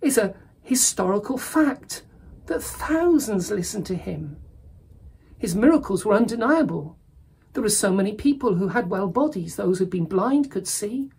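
A woman's voice: medium pitch, dark tone, husky. A woman preaching a sermon in an earnest manner, rising to emphatic.

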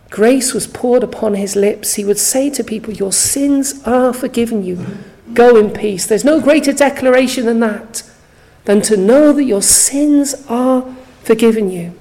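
Slow, mellow-voiced woman preaching a sermon. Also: a little high, poor audio. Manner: slow, earnest, questioning the listener.

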